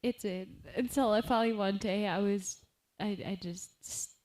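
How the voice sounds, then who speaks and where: A woman's voice: mid-range voice, fairly even intonation, moderate pace, a little mellow. A young woman telling a story as a podcast guest, chatty and giggly, tripping over her words. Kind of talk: casual storytelling.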